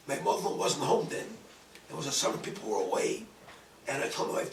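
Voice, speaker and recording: A man's voice: medium pitch, very animated, a little fast, gravelly, a little hiss or hum. A man, a rabbi, telling a personal story in a dramatic way, quoting himself with force. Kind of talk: storytelling talk. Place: event hall. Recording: distant mic in an echoey room.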